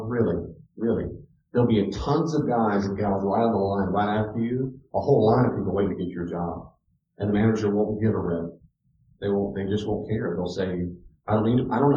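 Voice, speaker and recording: A middle-aged man giving a sermon-style teaching, animated, often acting out children's voices. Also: on the low side, a little hiss or hum. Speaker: pastor teaching a class. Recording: echoey room, dull lo-fi sound.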